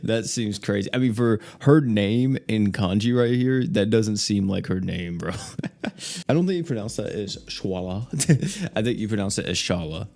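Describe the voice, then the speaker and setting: A young man giving casual, animated commentary on a mobile game update, thinking aloud and laughing now and then. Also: fairly low pitch. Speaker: gaming YouTuber.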